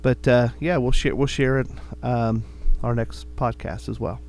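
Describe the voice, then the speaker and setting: A man's voice: medium pitch, steady tone, measured pace, darkish tone, slight background noise. Easygoing middle-aged man, casual podcast chat. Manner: easygoing, rambling, repeats words. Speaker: podcast co-host.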